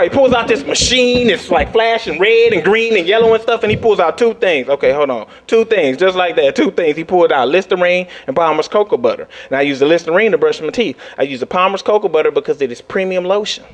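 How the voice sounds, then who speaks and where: High-voiced man doing stand-up. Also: quick pace, few pauses. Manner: animated storytelling, jumps into high squeals for quoted panic. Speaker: stand-up comedian. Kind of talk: stand-up comedy set.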